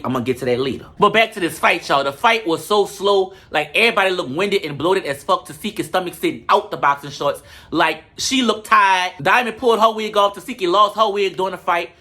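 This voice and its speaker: Bright sassy vlogger roasting a reality show, cussing a lot, talking to y'all. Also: medium pitch. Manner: sassy, profane, talks straight to viewers. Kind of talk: comedic reality show recap.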